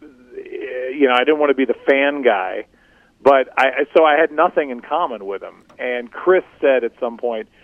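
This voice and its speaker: A middle-aged man telling self-deprecating stories as a guest in a casual interview, with halting restarts. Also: medium pitch. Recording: tinny phone-like remote line.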